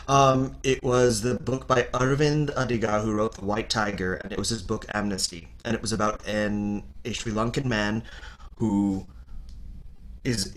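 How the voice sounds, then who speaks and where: A man's voice: on the low side, slight background noise. A man from Canada, an audiobook narrator, chatting as a guest and telling stories with lots of restarts. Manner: rambling, many restarts, animated when telling stories. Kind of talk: casual interview chat.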